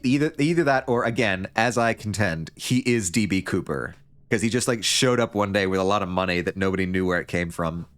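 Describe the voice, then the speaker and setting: A man's voice: lowish voice, a bit bright, clean tone. A man livestreaming a story game, reading it aloud and joking along in a rambling, casual way. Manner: joking, rambling, with frequent laughs. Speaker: streamer.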